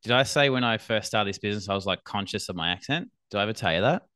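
Aussie guy on a podcast, bright voice, laid back, dry close sound, bit of music behind. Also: on the low side, rapid-fire, clean tone, dry recording. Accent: Australian. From Australia. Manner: easygoing, laughs readily, trails off while thinking. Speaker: podcast guest and business coach. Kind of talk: casual podcast conversation.

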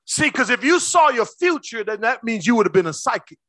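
A male preacher's high, bright voice makes big pitch swings, shifting between loud booms and near-whispers, as he talks a little fast and calls to the congregation. The recording is close and dry, with no echo.

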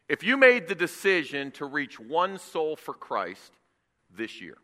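A man preaching a sermon in a church, emphatic and rising to loud bursts. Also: on the high side, huge pitch swings, unhurried, big-room sound. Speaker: guest preacher. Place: church sanctuary.

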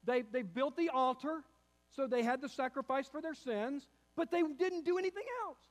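A man's voice: very high-pitched, normal speed, big-room sound. A man preaching a sermon as pastor, building emphasis and calling his listeners beloved.

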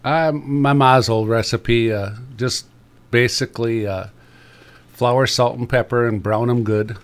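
A man's voice: medium pitch, fairly even intonation, measured pace. A middle-aged man, a trapper chatting on the radio in a folksy, rambling way with many fillers. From Upper Peninsula of Michigan. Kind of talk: casual radio chat.

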